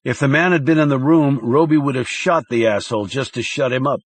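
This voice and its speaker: A man reading a thriller audiobook in a measured, dramatic narration style. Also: medium pitch, no room sound.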